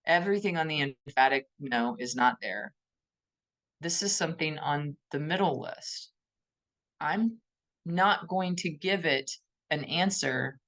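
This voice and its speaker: A woman co-hosting a podcast, speaking in a thoughtful, gently emphatic way and often posing questions to herself. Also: deep voice. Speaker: podcast co-host. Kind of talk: reflective conversational podcast talk.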